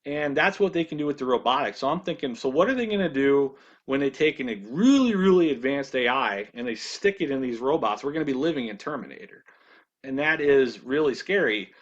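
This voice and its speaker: Halting man in a casual monologue. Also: medium pitch, fairly bright tone, muffled recording. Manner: halting, with frequent restarts and repeated words. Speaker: ministry video presenter.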